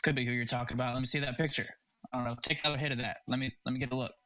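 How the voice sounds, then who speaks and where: A man's voice: mid-range voice, steady tone, rapid-fire, bright, forceful tone, dry recording, rough recording. A man playing a tabletop game, hesitant and thinking aloud. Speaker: player. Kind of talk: casual tabletop play.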